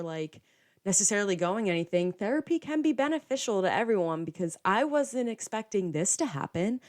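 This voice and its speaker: A young woman in her twenties hosting a podcast, telling a story casually and constantly saying "like", acting out other people's lines in quotes. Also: mid-range voice. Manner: chatty, heavy use of "like", animated retelling with quoted dialogue. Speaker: podcast host.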